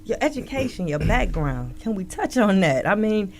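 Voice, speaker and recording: A male interview host asking questions in a casual, emphatic, animated way and reacting readily. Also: sits high, normal speed.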